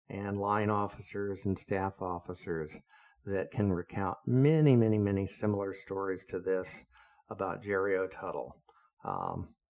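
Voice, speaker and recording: A man's voice: on the low side, a little mellow. An older man, a retired navy officer and author, recounting his service memories in a blunt, profane, indignant way. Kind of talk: casual spoken memoir storytelling.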